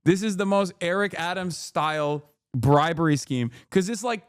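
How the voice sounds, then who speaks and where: A man's voice: high voice, moderate pace, clean tone, no echo, studio quality. Sarcastic, profane male streamer. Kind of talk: casual commentary.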